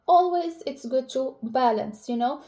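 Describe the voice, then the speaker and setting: High-voiced chatty woman vlogger. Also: a little slow, warm tone. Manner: chatty, emotional, many fillers and restarts. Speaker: relationship vlogger. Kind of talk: casual personal talk to camera.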